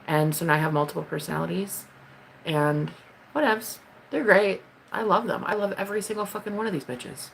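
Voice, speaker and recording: A woman chatting casually with her viewers on a live stream, blunt and swearing freely, with high excited bursts when she greets people. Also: brisk, vocal fry, slight background noise. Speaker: livestreamer.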